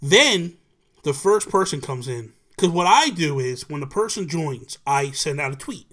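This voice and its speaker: Animated storyteller man, higher voice. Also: measured pace. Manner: animated storyteller who acts out quotes. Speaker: podcast host. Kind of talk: casual livestream chat. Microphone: video call.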